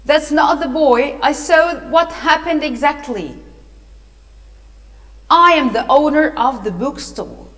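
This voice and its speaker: A woman voicing a loud, commanding man who owns a bookstall. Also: high voice, takes it slowly, voice pushed up. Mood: firm. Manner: firm, commanding. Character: loud adult male bookstall owner. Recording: echoey room.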